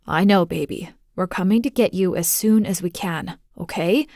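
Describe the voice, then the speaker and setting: A woman voicing a frantic billionaire father who pleads gently and urgently with his missing daughter, in an audiobook. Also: fairly low pitch, moderate pace, no echo, studio quality. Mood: anxious, pleading. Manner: urgent, pleading, soft-spoken to a child. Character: frantic billionaire father, male, middle-aged. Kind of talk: audiobook dialogue.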